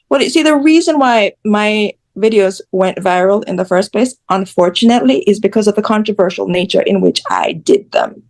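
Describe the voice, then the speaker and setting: A woman from Jamaica talks as an interview guest, her pitch sitting right in the middle of the usual range. She is frank and outspoken, and she tells her story with lively, animated energy. Her delivery is conversational and unpolished. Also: a little fast, hardly any pauses. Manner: blunt and candid, animated storytelling. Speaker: interview guest, social media creator.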